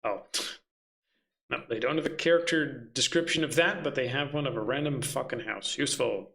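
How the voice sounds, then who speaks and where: A man's voice: medium pitch, moderate pace, gravelly, fairly bright tone. A man running a tabletop game, muttering and swearing to himself as he hunts for his notes. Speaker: game master.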